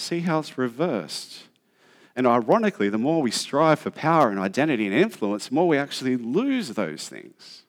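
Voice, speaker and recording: Relaxed, self-mocking preacher man. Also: medium pitch. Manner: conversational and self-deprecating, slows for emphasis. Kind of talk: sermon.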